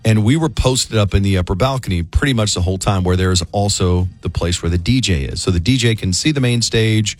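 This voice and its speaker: A man's voice: lowish voice, fairly quick, hardly any pauses, no echo. A middle-aged man hosting a morning radio show, chatting loosely and telling a story with frequent fillers. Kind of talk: casual morning radio banter.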